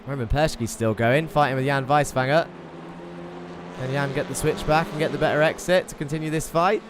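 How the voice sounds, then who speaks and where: A man hosting live sim racing commentary in a chatty, excitable way, reading out viewer chat between the action. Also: a little high, brisk. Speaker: race commentator and host. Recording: game car engine noise underneath. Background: racing car engine noise.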